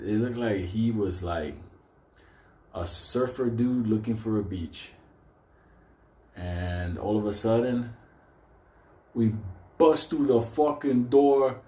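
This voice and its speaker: A man's voice: lowish voice, dark tone, reverberant. A man telling a story casually, swearing constantly and laughing between lines. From New York.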